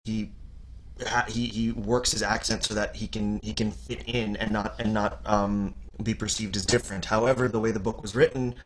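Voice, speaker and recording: A man's voice: on the low side, moderate pace, slight background noise. A man from Canada, an audiobook narrator, chatting as a guest and telling stories with lots of restarts. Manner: rambling, many restarts, animated when telling stories. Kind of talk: casual interview chat.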